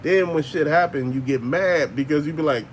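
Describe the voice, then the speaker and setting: A man's voice: fairly high pitch, moderate pace, a little hiss or hum. An older man, ranting bluntly and profanely as a channel host, laughing often. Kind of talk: casual ranting monologue.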